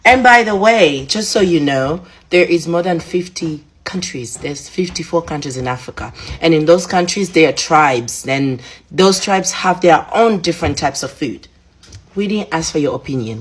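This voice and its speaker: A woman's voice: on the low side, expressive, moderate pace, breathy edge. A woman ranting defiantly at the camera, repeating her points emphatically. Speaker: reaction video maker.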